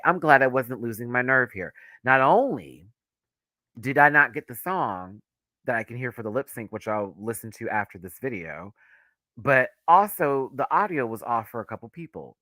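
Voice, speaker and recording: A man giving a campy, animated live review on his channel, laughing often and swinging his voice high and low. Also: dry recording, studio quality. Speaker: YouTube reviewer.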